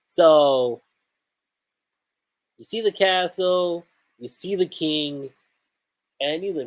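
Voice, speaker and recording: A man's voice: fairly high pitch, animated, takes it slowly, long pauses, rough recording. A man hosting a casual livestream manga chapter review. He thinks aloud, restarts often and laughs.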